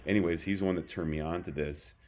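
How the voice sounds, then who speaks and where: A man's voice: sits low, fairly even intonation, fast talker, darkish tone. A man co-hosting a podcast, telling stories in a loose, rambling way. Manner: rambling storyteller, many fillers and restarts. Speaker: podcast co-host. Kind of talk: casual chat.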